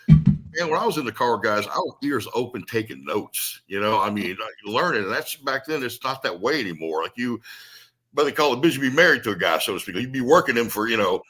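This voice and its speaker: A man telling blunt, salty wrestling stories in casual talk. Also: lowish voice. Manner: blunt, salty, animated storyteller. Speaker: retired wrestler guest. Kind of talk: casual storytelling chat.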